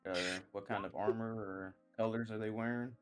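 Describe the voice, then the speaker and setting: Man, tabletop player, lowish voice, hesitant, lots of uhs. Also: steady tone, fairly quick, a little mellow, smooth, faint music behind. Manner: hesitant, filler-heavy. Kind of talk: playing a tabletop game.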